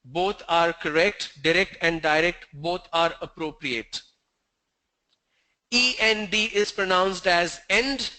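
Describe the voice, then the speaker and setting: Man, teacher, corrective and strict, spells words out, unhurried delivery, high voice. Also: bright, forceful tone. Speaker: English pronunciation teacher. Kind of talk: online class answering student questions.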